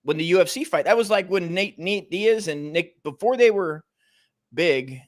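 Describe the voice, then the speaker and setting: American male co-host, raised pitch, rambling, cursing, casual podcast banter. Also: lively intonation, normal speed. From United States. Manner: rambling, profane, trails off often. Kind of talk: casual comedy podcast chat.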